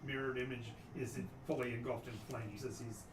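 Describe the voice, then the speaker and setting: Game master narrating in an echoey room. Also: male voice, medium pitch, little pitch movement. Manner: descriptive, halting with frequent restarts. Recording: echoey room, far from mic, noisy.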